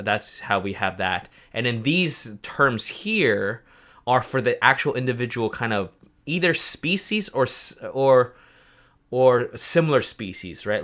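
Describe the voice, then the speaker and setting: A man's voice: medium pitch, fairly bright tone. A young man on a livestream explaining a map project, rambling with lots of fillers and self-corrections. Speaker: project co-creator presenting a map.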